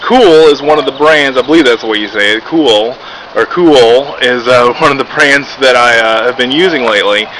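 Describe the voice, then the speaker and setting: A man's voice: medium pitch, brisk, few pauses. A man from Texas giving a casual, rambling product review, full of "uh" and "basically", with lots of restarts. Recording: background noise.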